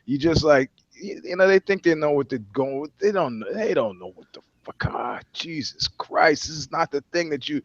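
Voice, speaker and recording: A man's voice: on the high side, normal speed, hardly any pauses, dry recording, muffled recording. A man co-hosting a comedy podcast, rambling through profane, joking riffs. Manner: rambling, profane, riffing with voices and jokes. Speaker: podcast co-host. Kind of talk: casual comedic chat.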